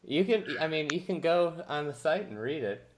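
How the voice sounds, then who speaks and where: A man co-hosting a casual sports podcast, animated and quick to pick favourites. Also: on the high side, crowd noise. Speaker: podcast co-host.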